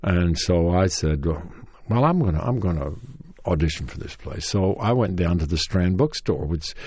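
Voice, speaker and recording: Deep husky-voiced Tennessee man reminiscing. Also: expressive, normal speed, darkish tone, no echo. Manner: rambling, many restarts and fillers, chuckling; acts out quotes in a raised, livelier voice. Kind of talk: anecdotal storytelling interview.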